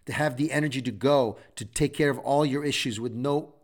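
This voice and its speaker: A man's voice: medium pitch, brisk. A middle-aged man hosting a show, giving a preachy motivational talk full of repeated exhortations. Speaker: show host.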